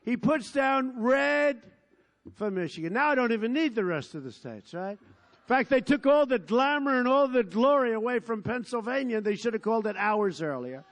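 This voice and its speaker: Older male speaker in his seventies, high for a man, rambling and boastful at a rally podium, hammering lines by repeating them. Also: expressive, moderate pace. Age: 70s. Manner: boastful, rambling, punchy repetition. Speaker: president-elect at a rally. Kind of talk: campaign rally speech. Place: large indoor rally venue.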